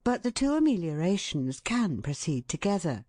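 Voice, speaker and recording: Low-voiced woman narrating with lively expression. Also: normal speed, dry recording, clean studio sound. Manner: expressive, shifts tone for quoted speech. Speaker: audiobook narrator. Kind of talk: scripted narration.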